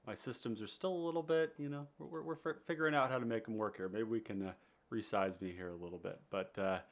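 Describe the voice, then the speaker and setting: A man's voice: on the low side, fast talker. A man with a nasal, congested voice, hosting a live stream in an easygoing, rambling way with many fillers. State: under the weather, congested. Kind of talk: casual live stream chat.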